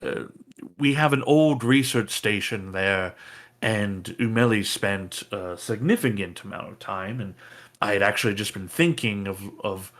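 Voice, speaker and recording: Man playing a low-voiced, slow, evasive old apprentice, hedging every answer. Tabletop game. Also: a bit bright. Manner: hesitant, full of "I mean". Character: man, former student of a mage, evasive and rambling.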